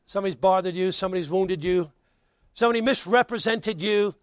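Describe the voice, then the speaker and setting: A male pastor preaching a sermon and leading a closing prayer and altar call, swinging between loud emphasis and hushed tones, with folksy asides between scripture readings. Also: high voice, quick pace, no room sound.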